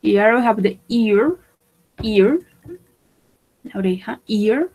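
A woman teaching English vocabulary, repeating each word slowly for pronunciation and switching into to explain. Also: medium pitch, a little mellow, low-quality recording. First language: Spanish. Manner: slow, repeats words for pronunciation. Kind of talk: bilingual vocabulary lesson.

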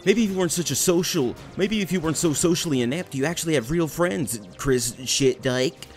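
A man's voice: a little high, a little fast, faint music behind, voice pushed up, close to an everyday voice. A man doing a cocky cartoon hedgehog. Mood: mocking. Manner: cocky, dismissive. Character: brash mocking cartoon hedgehog, male.

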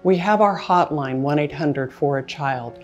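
Deep-voiced woman, sincere testimony, soft music under. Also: measured pace, lo-fi sound. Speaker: charity staff member. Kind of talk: interview testimony.

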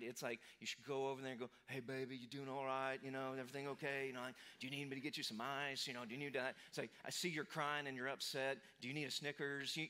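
Bright-voiced man in his forties preaching. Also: a little high. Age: 40s. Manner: storytelling, conversational, self-deprecating. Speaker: pastor. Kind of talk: sermon.

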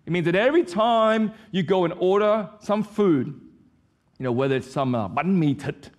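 A man's voice: high-pitched, expressive, moderate pace. Impassioned man preaching a sermon. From Vietnam. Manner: impassioned, repeats declarations with rising force. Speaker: pastor.

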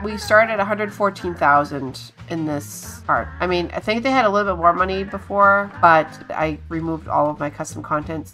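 A woman giving casual let's-play commentary, chatting to her game characters, coaxing and scolding them with sudden excited exclamations. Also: mid-range voice. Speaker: gaming channel host.

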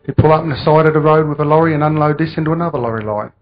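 A man's voice: a little high, rapid-fire. A man in church sharing a prayer request, then declaring a prayer with rising fervour. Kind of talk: testimony and prayer. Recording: muffled church recording, faint music.

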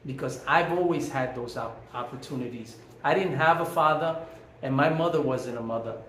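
A man's voice: medium pitch, normal speed, fairly bright tone. A man telling a personal story as a monologue, emphatic and preachy, repeating phrases for effect. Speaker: vlogger. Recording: echoey room, faint background hum.

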